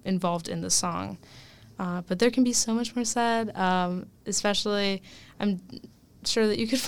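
Young adult woman, casual interviewee, smooth yet gravelly tone, lots of fillers and laughter. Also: on the low side. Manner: chatty, many fillers and laughs, animated. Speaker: student guest.

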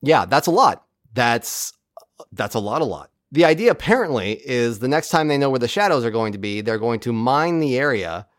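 A man's voice: medium pitch, normal speed, no room sound, studio quality. A man co-hosting a podcast, recapping an episode in casual chat and acting out the characters' lines as he goes. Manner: animated, acts out characters' lines while recapping. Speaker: podcast co-host.

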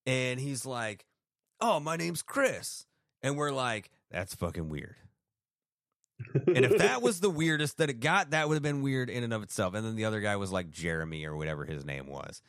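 A man's voice: medium pitch, lively intonation, brisk, a bit bright, no echo, studio quality. A man co-hosting a podcast, telling a story in casual chat, full of fillers and acted-out quotes. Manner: rambling storyteller, acts out quotes, many fillers. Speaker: podcast co-host.

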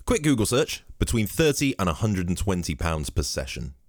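In a comedic podcast monologue, a man sips a drink at his home mic while spinning cheeky, profane, rambling stories. He speaks at a moderate pace in a low, sing-song voice, captured in clean studio quality with no room sound.

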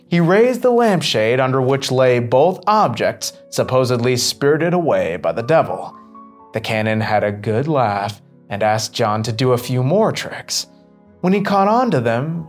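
A man narrating a scripted story in an expressive, varied reading. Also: medium pitch, unhurried, soft background music.

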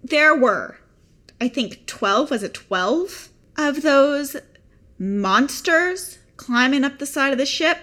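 Woman at a tabletop game, slow and unsure, bright highish voice. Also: lively intonation. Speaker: player. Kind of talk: tabletop role-play in character.

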